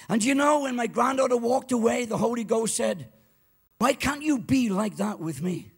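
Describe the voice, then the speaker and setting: Welsh pastor guy in his 70s, husky and kinda high voiced, preaching big and lively, hypes the crowd. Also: normal speed. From Wales. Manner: exuberant storyteller, rallies the crowd. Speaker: guest pastor. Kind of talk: sermon. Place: church.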